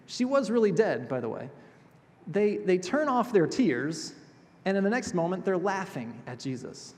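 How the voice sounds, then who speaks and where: A male pastor delivering a sermon in a chapel, expressive, moving between emphatic passages and hushed, gentle ones. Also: high-pitched, normal speed. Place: chapel sanctuary. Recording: reverberant chapel hall.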